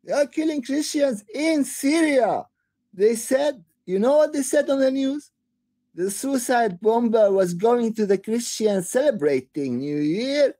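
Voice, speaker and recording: A woman hosting her own channel, delivering an impassioned, upset political rant that breaks into shouting and halting restarts. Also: mid-range voice, dry recording. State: upset, near tears. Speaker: online channel host. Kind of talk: angry political rant to camera.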